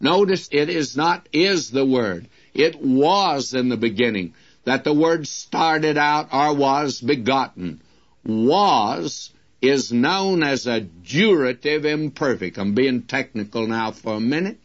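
A man's voice: mid-range voice, animated, takes it slowly. A man teaching the Bible in a radio sermon, emphatic and speaking straight to his listeners as friends, on a dull lo-fi broadcast recording.

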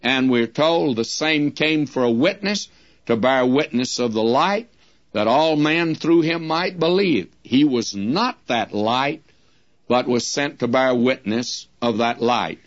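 A man's voice: medium pitch, takes it slowly. A man teaching the Bible in a radio sermon, emphatic and speaking straight to his listeners as friends, on a dull lo-fi broadcast recording.

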